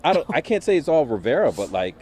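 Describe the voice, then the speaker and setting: A male sports reporter from Connecticut in a casual post-game chat, talking in an animated, rambling way and cutting himself off mid-sentence, recorded outdoors at a football stadium. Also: a little high, fast talker. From Connecticut, USA. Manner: animated, rambling, self-interrupting.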